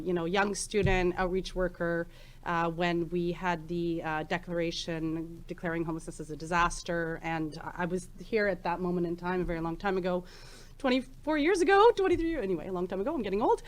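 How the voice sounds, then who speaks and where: Speaking into a handheld mic in a conference room, a woman in her forties presents her research casually, with plenty of ums and false starts. Her voice is medium-pitched and a bit bright.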